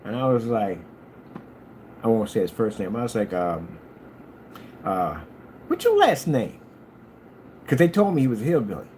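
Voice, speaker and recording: Animated rambling man with a mellow voice. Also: moderate pace, pauses often, a little hiss or hum. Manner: animated storyteller, jumps high for quoted lines; scolding, talks straight to a critic. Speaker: channel host. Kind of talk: casual rambling monologue.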